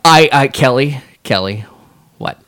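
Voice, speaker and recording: A man's voice: medium pitch, a little slow, smooth, no room sound, clean studio sound. A man co-hosting a podcast, telling a work story in casual chat and laughing often. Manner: animated, laughs often while telling stories. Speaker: podcast co-host. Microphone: mic placed close to his mouth.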